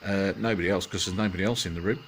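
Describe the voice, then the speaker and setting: A man's voice: low-pitched, steady tone, rapid-fire, a little hiss or hum. A man telling a bedtime story in a loose, chatty way, full of fillers and joking asides.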